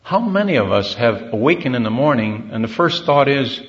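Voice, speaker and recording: A man giving a measured, deliberate sermon-style Bible talk from a convention platform, pausing often with fillers. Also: mid-range voice, sing-song, muffled recording. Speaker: speaker at a religious convention.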